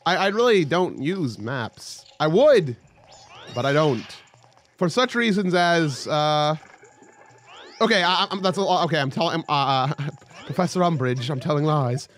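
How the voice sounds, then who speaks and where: Excitable young man with a lively voice. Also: on the high side, unhurried, slight background noise. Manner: excitable, joking, with sudden yelps. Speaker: let's play host. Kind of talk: casual gameplay commentary.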